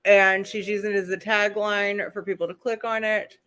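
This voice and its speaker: A woman's voice: medium pitch, little pitch movement, normal speed, a bit bright, clear, resonant tone. A woman hosting a casual live recap, chatting and reading out letters as she goes. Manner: chatty, reads letters aloud. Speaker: host.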